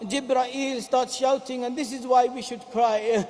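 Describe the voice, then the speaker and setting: Man, very high voice, mourning sermon, chanting and crying out, long reverb of a large hall. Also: fairly even intonation, a little slow, a little mellow. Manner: chants and cries out lines in a mourning melody. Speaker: preacher.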